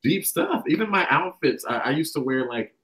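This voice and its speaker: A young Southern American man, appearing as a guest, chats casually about spirituality, rambling and acting out quotes in animated bursts. His voice sits on the high side at a normal speed, and the audio quality is poor.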